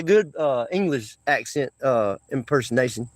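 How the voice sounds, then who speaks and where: A man chatting live with his viewers, loose and rambling, laughing often and restarting his sentences. His voice sits a little high for a man, and the sound is close and dry. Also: animated, normal speed, no echo. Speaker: livestream host. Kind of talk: casual livestream chat with viewers.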